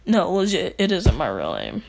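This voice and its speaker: A man's voice: high-pitched, wildly swooping pitch, moderate pace, vocal fry. A man rambling through an improvised fan story in casual slang, packing his sentences with filler words and joking asides.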